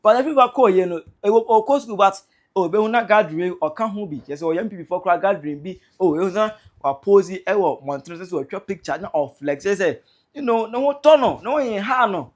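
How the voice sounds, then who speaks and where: Animated Ghanaian woman commentator. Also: medium pitch, brisk. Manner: excitable, teasing, reads out viewer comments. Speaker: online commentator.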